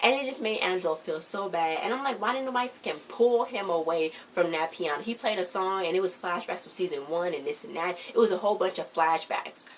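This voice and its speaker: A woman's voice: fairly low pitch, brisk, hardly any pauses, a little hiss or hum, rough recording. A woman casually recapping a TV episode on her vlog, retelling scenes in a chatty, rambling way. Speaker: TV recap vlogger.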